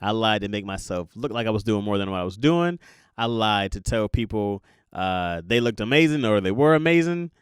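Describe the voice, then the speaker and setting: A young man hosting a podcast, talking through a casual confessional monologue in an animated, jokey way and laughing at himself. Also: on the low side, normal speed, clear, resonant tone, no room sound, clean studio sound. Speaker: podcast host.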